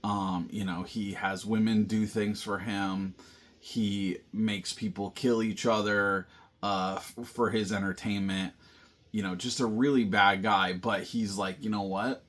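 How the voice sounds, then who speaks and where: A man's voice: on the low side, steady tone, a little slow, fairly bright tone. A man casually recapping and reviewing a film, rambling with lots of fillers and restarts. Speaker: movie review host.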